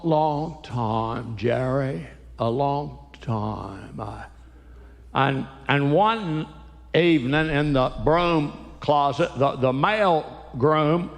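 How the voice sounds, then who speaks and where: A man's voice: a little high, creaky. A man telling folksy jokes and stories to a church audience in a chuckling, stop-start way. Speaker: Christian comedian and speaker. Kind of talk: live stand-up storytelling. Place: church sanctuary, live audience. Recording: echoey hall, live show.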